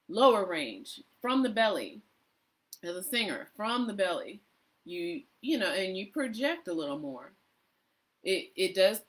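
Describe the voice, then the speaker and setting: A woman voice coach giving tips in a casual live online session, chatty, laughing often and acting out little voices. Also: medium pitch.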